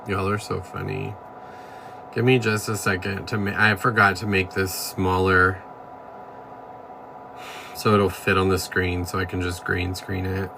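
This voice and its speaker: A man's voice: deep voice, gravelly, noisy background. A man hosting a casual livestream chat, thanking viewers by name and ranting bluntly with plenty of profanity. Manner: reads out and thanks viewers one by one. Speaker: livestream host.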